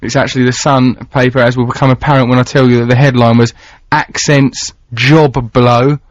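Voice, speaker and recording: Racing along in a level, mid-range voice without echo, this Essex-accented man from England hosts laid-back radio banter, theatrical and playful, sometimes adopting comic voices. He speaks into a studio mic, and the radio broadcast comes across dry, dull and lo-fi.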